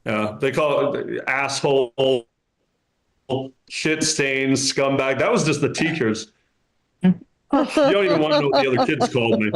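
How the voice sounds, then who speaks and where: A man's voice: medium pitch, very animated, a little slow, gravelly, pauses often. A man in his thirties performing a stand-up comedy set in a club, with a dry, self-mocking delivery. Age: 30s. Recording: roomy club echo.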